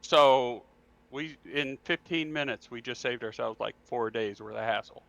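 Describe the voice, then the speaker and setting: Casting: forceful, bright-voiced man player, emphatic, lo-fi mic. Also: medium pitch, unhurried, creaky, dry recording. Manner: emphatic, ranting. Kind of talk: casual game chat.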